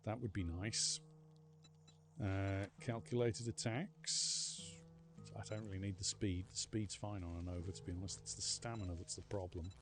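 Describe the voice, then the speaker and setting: A man's voice: sits low, steady tone, moderate pace, over music. A man streaming a game live, chatting casually with viewers in a rambling, self-mocking way. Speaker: livestreaming gamer. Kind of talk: casual live gameplay chat.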